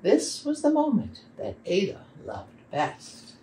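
A woman facilitating a children's program, reading poems and a picture book aloud with expressive delivery. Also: mid-range voice, slow, a little hiss or hum. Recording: roomy sound from a distant mic.

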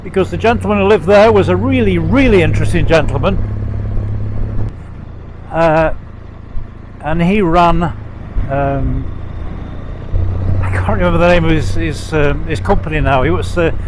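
A man's voice: a little high, unhurried, long pauses, rough recording. A middle-aged English man telling stories while riding a motorcycle, rambling along with many fillers and restarts. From England. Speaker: motorcycle vlogger. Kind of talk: casual ride narration. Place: outdoors riding a motorcycle sidecar on country roads. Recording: road and engine noise behind.

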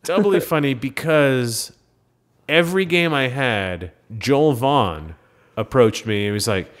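Speaking slowly in a medium-pitched voice, this podcast co-host from Minnesota tells lively stories during casual conversation. He voices the quoted dialogue himself as he goes.

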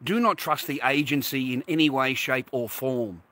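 A man's voice: medium pitch, moderate pace, sharp tone, dry recording. A man venting to his viewers in an indignant, swear-filled rant while out on a walk. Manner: indignant, swears constantly, talks straight to viewers. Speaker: vlogger. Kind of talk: profane to-camera rant. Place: outdoors on a walk.

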